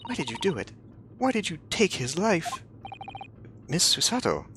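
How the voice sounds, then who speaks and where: A man's voice: on the high side, wildly swooping pitch, normal speed, background noise, voice pushed up. A man voicing an earnest young woman assistant, formal and pleading. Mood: distraught.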